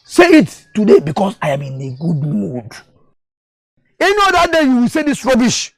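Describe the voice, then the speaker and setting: A man's voice: high voice, huge pitch swings, normal speed, gravelly, slightly rough, dry recording, studio quality, heavily acted. An actor playing a drunken, boastful village man who rambles, stammers and hurls insults, in a film drama. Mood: drunken mocking. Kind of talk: Nollywood film acting.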